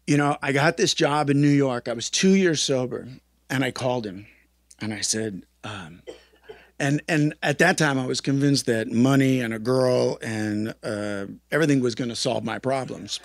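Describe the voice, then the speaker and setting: A man speaks at a memorial in a gravelly, creaky voice, recorded dry and close. He tells earnest, halting stories and acts out the remembered dialogue. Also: medium pitch, dry recording. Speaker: eulogist at a memorial. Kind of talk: personal memorial tribute speech.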